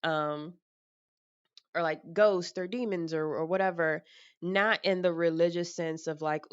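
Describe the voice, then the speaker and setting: Frank, low-voiced young woman musing aloud. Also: steady tone, moderate pace, clean tone, dry recording. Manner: frank and rambling, with mild swearing. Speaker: vlogger. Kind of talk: casual personal talk.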